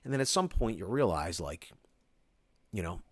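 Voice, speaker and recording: A man's voice: deep voice, sing-song, normal speed, breathy edge, no echo. A middle-aged man with a Philadelphia accent, hosting a casual live Q&A and chatting in a rambling way as he reads viewer comments. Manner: rambling, restarts often, reads comments aloud. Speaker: construction company host answering viewer questions. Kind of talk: casual live-stream Q&A chat.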